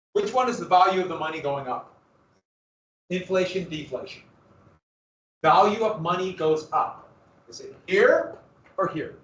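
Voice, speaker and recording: A man's voice: high voice, a bit bright, dull audio. A male history teacher giving a classroom lecture, posing questions to the students and then answering them himself. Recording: roomy classroom recording from far off.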